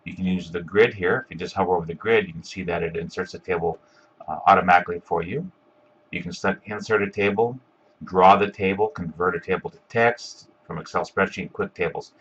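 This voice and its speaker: A man giving a step-by-step screencast software tutorial, talking casually with lots of ums and uhs. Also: low voice, fairly quick, lo-fi sound, slight background noise. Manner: step-by-step, filler-heavy with frequent ums and uhs. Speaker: instructor.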